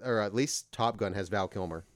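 A man's voice: fairly low pitch, moderate pace, no echo, studio quality. A man co-hosting a casual movie review podcast, blunt and jokey, often quoting characters in silly voices. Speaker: podcast co-host.

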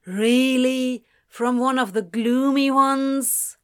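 A woman voicing a blunt, grumbling husband and new father, louder and with a shifted tone. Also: high-pitched, lively intonation, slow. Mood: gruff.

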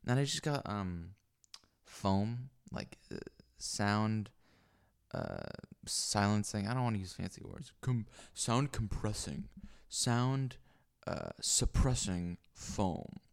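Gravelly man rambling alone on a mic. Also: on the low side, sing-song, takes it slowly. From lives in Los Angeles. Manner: rambling, crude, many fillers and restarts. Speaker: solo podcaster. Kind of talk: rambling solo monologue. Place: small home room with foam panels. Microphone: microphone on a stand.

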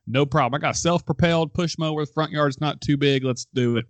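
A young man hosting a casual chat show, telling a story with lively quoted voices and frequent laughs. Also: a little high, fast, dry recording. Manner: animated storyteller, acts out quotes, laughs often. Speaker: podcast host.

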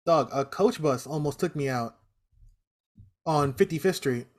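Animated, profane New man telling stories. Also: fairly high pitch, a little slow. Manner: animated, profane storytelling with laughs. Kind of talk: casual storytelling chat.

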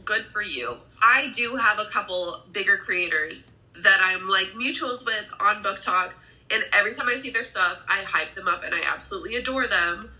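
A woman's voice: mid-range voice, moderate pace, sharp tone, poor audio. A woman co-hosting a podcast, sleepy and yawning, chatting casually and frankly. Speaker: podcast co-host. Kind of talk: casual chat.

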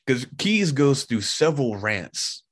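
A man's voice: mid-range voice, very animated, slow pace. A man in a casual podcast chat, rambling through a retelling of a film scene and acting out the quotes.

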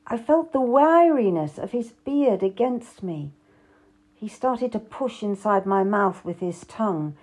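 A woman's voice: medium pitch, expressive, a little slow, a little mellow. A woman narrating a historical novel in the first person, reading expressively. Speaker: audiobook narrator.

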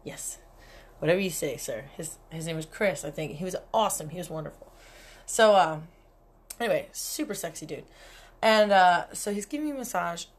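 A young woman hosts a casual solo podcast and talks straight into the mic. Her voice sits a little low, and she is candid and profane. She laughs often between her lines. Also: animated, brisk. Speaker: podcast host. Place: cabin.

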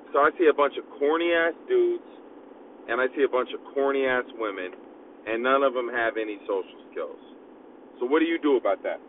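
A man in his car talks straight into a small recorder for his podcast, loose and slangy, wandering from point to point. The audio is thin and phone-like, with a faint rumble from the vehicle underneath. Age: adult, father of young kids. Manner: slangy, rambling, keeps getting interrupted by his kids. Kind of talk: casual rambling podcast monologue. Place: inside a car.

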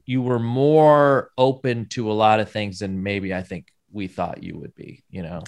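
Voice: mid-range voice, steady tone, measured pace, darkish tone. A podcast co-host in casual chat, supportive and wry, rambling through thoughts.

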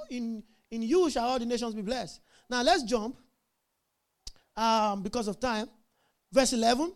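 A man preaching a sermon, emphatic, asking the congregation questions and laughing often. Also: very high-pitched.

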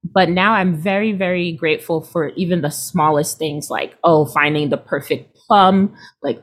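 A woman in her thirties, a healer, chatting casually and acting out quoted people with lively swings in her voice. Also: normal speed, hardly any pauses. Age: 30s. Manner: expressive, acts out quoted people with big pitch jumps. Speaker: guest, healer. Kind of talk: casual podcast conversation.

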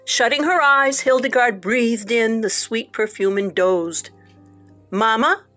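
Expressive woman narrating gothic tale. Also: on the high side, unhurried, faint music behind. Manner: expressive, dramatic. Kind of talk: audiobook narration of a gothic story.

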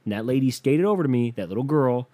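A man's voice: medium pitch, animated, fast talker, mellow. A young man ranting to camera in a casual comedic monologue, swearing freely and acting out the people he quotes. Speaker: comedic vlogger.

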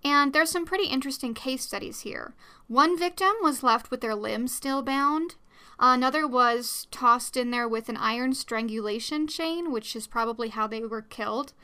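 Young woman, podcast host, chatty and rambling, bright, slightly high voice, close studio mic. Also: moderate pace, clear, resonant tone. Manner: chatty, rambling, giggly, with many fillers. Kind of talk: casual solo podcast chat. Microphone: new studio microphone.

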